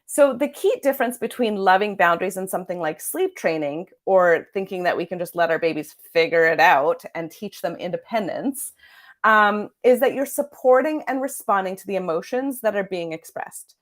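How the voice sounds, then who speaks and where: Woman, mid-pitched parenting coach, earnest teaching to camera. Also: expressive, normal speed. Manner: earnest, checks in with "okay?".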